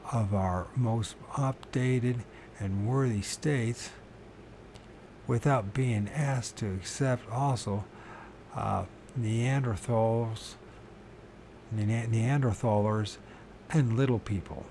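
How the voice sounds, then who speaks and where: Slow, halting man reading aloud. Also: medium pitch, mellow, slight background noise. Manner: halting reading, stumbles and corrects words, mutters to himself. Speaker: channel host reading aloud. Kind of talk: reading a book aloud with casual asides.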